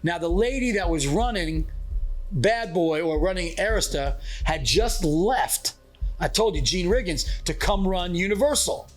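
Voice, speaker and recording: Animated man telling a long story. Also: sits high, measured pace, soft background music. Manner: animated storyteller acting out quotes. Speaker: podcast co-host. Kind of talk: storytelling in casual chat.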